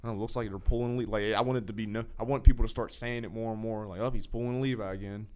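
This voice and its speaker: Quick-talking young guy cracking sarcastic jokes on a student radio show. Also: on the low side, fairly even intonation, a little mellow. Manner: jokey, sarcastic, rambling. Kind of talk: casual chat.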